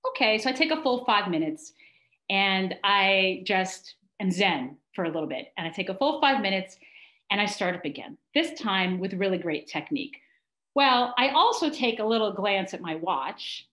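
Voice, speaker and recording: A middle-aged woman telling a personal story on stage, animated and dramatic. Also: medium pitch, normal speed. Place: congregation hall on stage. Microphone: stage mic with feedback. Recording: echoey hall.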